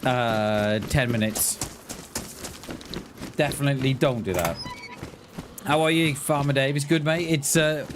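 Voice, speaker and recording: A man's voice: mid-range voice, fairly even intonation, measured pace, long pauses, background noise. A man chatting casually to viewers while streaming a game, laughing often and thanking people for donations. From Wales. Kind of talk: casual live-stream chat.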